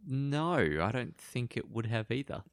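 Male podcast co-host, casual and reflective, low and gravelly. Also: big pitch swings, measured pace, no echo, studio quality. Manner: thoughtful, hedging with ums and likes. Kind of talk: casual chat.

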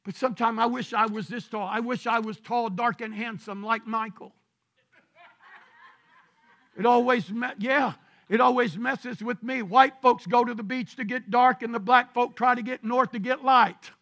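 High gravelly shouting preacher man. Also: steady tone. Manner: preaching with shouted emphasis and drawn-out scripture reading. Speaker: pastor. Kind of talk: sermon.

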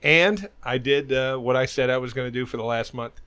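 A middle-aged man hosts a podcast, telling a long, loosely told story and cursing often in casual chat. His medium-pitched voice is brisk, a bit bright and clean, with no room sound.

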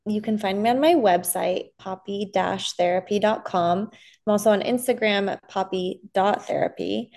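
A woman therapist in her thirties, a guest on a podcast. She talks calmly and gently in an easy, conversational tone. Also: medium pitch, creaky. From Southern California. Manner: calm and gentle. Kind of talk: casual interview chat.

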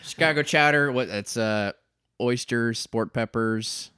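Smooth-voiced man, calm and dry. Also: medium pitch, unhurried, no echo. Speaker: comedy podcast co-host. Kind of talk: improvised comedy chat.

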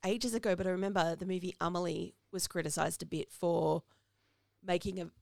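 Gravelly, chatty woman recapping a movie. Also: lowish voice, steady tone, fairly quick, darkish tone, no echo, studio quality. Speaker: podcast co-host. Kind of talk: casual movie discussion.

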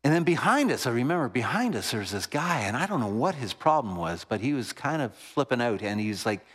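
A middle-aged man preaching a sermon, telling a personal story with lively energy that drops to hushed tones at moving moments. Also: medium pitch, brisk, husky.

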